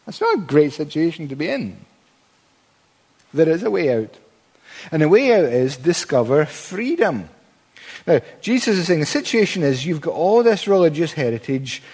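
A man's voice: a little high, a little mellow, slightly rough. A man preaching a sermon in a church, emphatic, building to fervent peaks with stammered restarts. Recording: long hall reverb.

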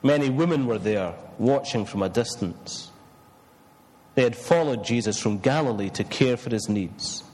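Preacher in a reverberant church. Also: male voice, medium pitch, expressive, a little mellow. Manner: measured reading, then hesitant with fillers. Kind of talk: scripture reading and sermon.

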